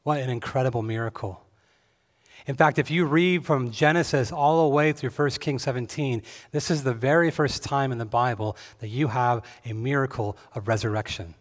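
A man preaching a sermon, expressive, moving between hushed reflection and fervent emphasis. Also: medium pitch, normal speed. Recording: long hall reverb.

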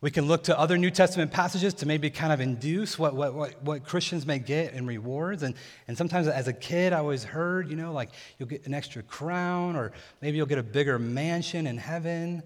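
A young man preaching a sermon in a relaxed, conversational way. his voice sits a bit high for a man, and a long reverb trails after it, as if he is in a big church sanctuary. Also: fairly quick. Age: young adult. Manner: casual, conversational teaching. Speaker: pastor.

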